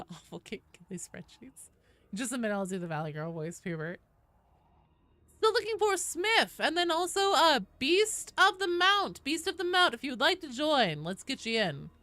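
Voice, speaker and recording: Bright, lively woman streaming a game. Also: high-pitched, normal speed, no room sound. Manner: chatty, swears, cheers and thanks viewers. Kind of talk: casual live game stream chat.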